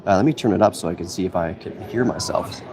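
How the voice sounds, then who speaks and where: Holding a phone camera in an indoor museum hall with the public around, a man hosts a casual live stream for the museum, thinking aloud in a loose, easygoing ramble. His low voice moves fast with vocal fry over a noisy background.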